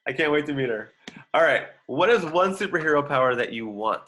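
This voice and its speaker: A male interview host with a bright, sharp voice. His pitch swings widely as he fires off short quiz questions. He keeps things brisk and upbeat. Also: lively intonation, slight background noise. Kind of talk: rapid-fire quiz questions.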